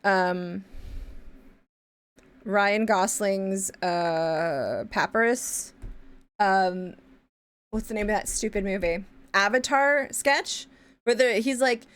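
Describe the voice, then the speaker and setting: A woman's voice: medium pitch, smooth. Young woman, art streamer, rambly, chatty, casual swearing, hums while working. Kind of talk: casual chat while drawing pixel art.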